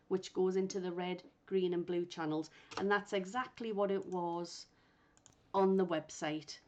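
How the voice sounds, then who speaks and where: A woman instructor guiding learners step by step through a software tutorial, thinking aloud as she works. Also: mid-range voice, steady tone, moderate pace. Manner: patient, thinks aloud while working. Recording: muffled lo-fi recording.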